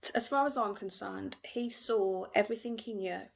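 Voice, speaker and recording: A woman giving an emotional, gentle tarot reading, repeating herself often. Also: medium pitch, moderate pace, gravelly. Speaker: tarot reader.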